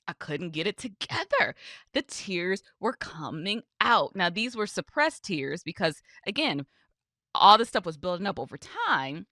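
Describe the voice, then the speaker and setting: A woman's voice: mid-range voice, sing-song, measured pace, bright, forceful tone, no echo, studio quality. A woman who hosts a podcast as a reverend, telling a personal story in a candid, conversational way with casual asides. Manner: candid, conversational, with frequent "you know" asides.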